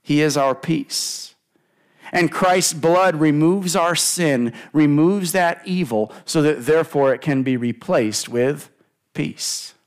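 Slow, emphatic preaching man. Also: fairly high pitch. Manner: deliberate, emphatic preaching with repeated phrases and questions to the congregation. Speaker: pastor. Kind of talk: sermon.

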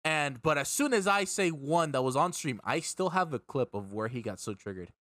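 A young man tells a story in a rambling, heated, profane way, stumbling over and repeating words. His voice sits a little high for a man. The sound is dry and close, with almost no room around it. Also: expressive, moderate pace, a bit bright, dry recording. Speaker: streamer and podcast host. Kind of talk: casual storytelling chat.

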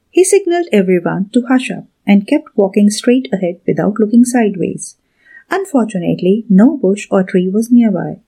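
A woman narrating a scripted story in a measured, steady reading. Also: mid-range voice, breathy edge.

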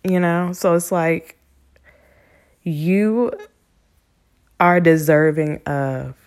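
A woman's voice: on the low side, steady tone, extremely slow, darkish tone. A woman hosting a podcast in a casual, rambling monologue, cursing freely as she encourages her listeners. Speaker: podcast host. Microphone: podcast microphone.

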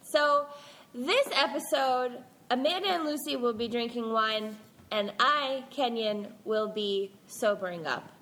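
A woman's voice: a little high, unhurried, fairly bright tone. A young woman co-hosting a podcast in casual chat, tipsy from wine, rambling and giggly. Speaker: podcast co-host.

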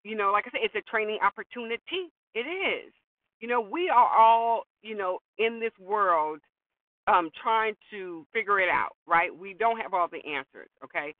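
A podcast host gives an emphatic opinion monologue on his talk show, packed with repeated words and rhetorical questions, in a high voice with lively intonation at normal speed. The recording is dry but has a tinny, phone-like sound from far off.

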